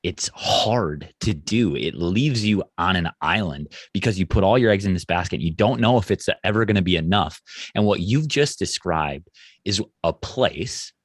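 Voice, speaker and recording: A man's voice: low voice, animated, moderate pace, breathy edge, dry recording, clean studio sound. A man hosting a podcast interview, speaking in a reflective, encouraging way. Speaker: podcast host.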